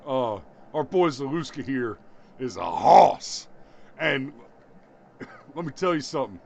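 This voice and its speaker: A man's voice: medium pitch, animated, a little slow. A man hosting a podcast, telling rambling stories in a casual chat and laughing at his own jokes. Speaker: podcast host.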